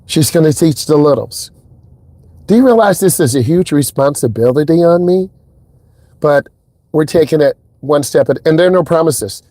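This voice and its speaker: A man talking casually as a driving instructor inside a car, telling stories in a lively way and acting out what people said. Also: normal speed, dry recording. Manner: animated storyteller, acts out quotes in a higher voice. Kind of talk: casual vlog talk.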